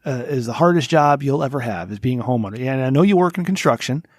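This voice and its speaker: A man's voice: mid-range voice, animated, fast, no echo, studio quality. A man co-hosting a casual podcast, lecturing his co-host in a mock-stern tone and repeating his name as he hands out advice.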